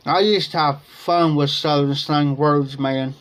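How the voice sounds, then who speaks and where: His voice is a little high and steady, a little slow. He's a livestream host from Ohio, chuckling through rambling, slang-heavy folksy stories in casual chat, recorded on a streaming setup mic.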